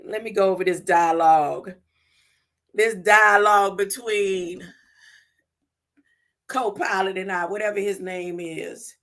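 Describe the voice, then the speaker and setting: A woman hosting a spiritual livestream, speaking unhurried affirmations, laughing often and repeating words for emphasis. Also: medium pitch, steady tone, a bit bright. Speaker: livestream host.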